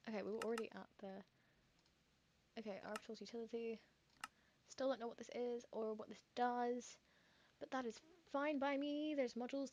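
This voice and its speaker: A woman talks through a game stream, her voice sitting a little high. She rambles and thinks out loud, full of fillers and quick asides, in easy casual commentary. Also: fairly even intonation, slight background noise. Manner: chatty, rambling, thinks aloud with many fillers.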